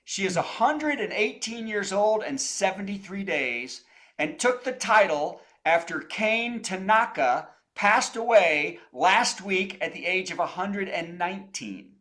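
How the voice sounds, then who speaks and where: Man host reading a deadpan joke. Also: high-pitched, a little slow. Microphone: video call.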